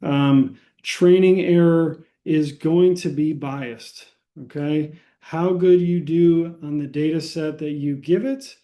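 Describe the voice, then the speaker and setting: An American man teaching a statistics lecture, explaining unhurriedly with many pauses and filler words. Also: on the high side, steady tone, warm tone. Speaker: statistics instructor.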